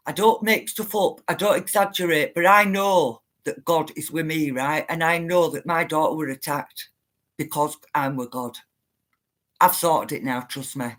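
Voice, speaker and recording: A woman's voice: low voice, moderate pace, a bit bright. Woman, middle-aged, insistent vlogger talking straight to her viewers. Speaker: spiritual livestreamer. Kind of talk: emotional storytelling to viewers.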